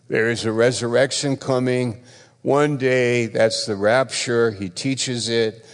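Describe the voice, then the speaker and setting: A man preaching a sermon as pastor, emphatic and repetitive, rising to loud stresses and dropping to quiet asides. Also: on the low side, in a large hall. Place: church.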